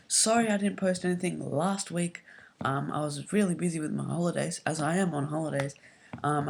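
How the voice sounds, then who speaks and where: Casual YouTube reviewer, home mic, rambling and hesitant with plenty of fillers, excitable bursts. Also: mid-range voice, vocal fry. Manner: excitable, gets loud when worked up. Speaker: YouTube wrestling show reviewer. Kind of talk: casual spoken show recap.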